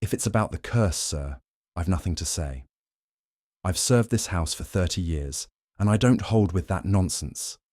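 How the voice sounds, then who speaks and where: A man's voice: sits low, expressive, normal speed, a little mellow, dry recording, clean studio sound. A man doing a stern old housekeeper woman. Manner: stiff, terse. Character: stern older female housekeeper.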